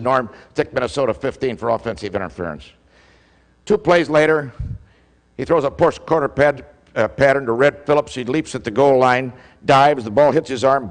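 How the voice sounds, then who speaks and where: An older man, a former football official, telling an animated story as a speaker, acting out the calls he shouted. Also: medium pitch. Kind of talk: storytelling speech. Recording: long hall reverb.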